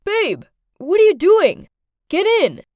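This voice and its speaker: A woman voicing a pushy, clingy teenage bad-boy boyfriend in an animated story. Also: a little high, moderate pace, dry recording, clean studio sound, natural voice.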